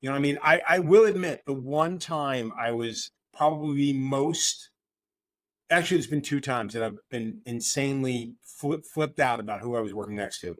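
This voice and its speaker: Swearing man telling excited stories. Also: mid-range voice, normal speed, dry recording. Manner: profane, excitable storytelling. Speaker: tattoo artist. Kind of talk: remote casual conversation. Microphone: remote call mic.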